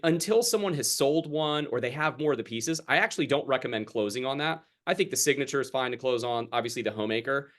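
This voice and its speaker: A man's voice: mid-range voice, a bit bright. Young guy on a video call coaching salespeople, casual, plays out customer back-and-forth. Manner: casual and chatty, acting out customer exchanges. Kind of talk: sales training talk on a group video call.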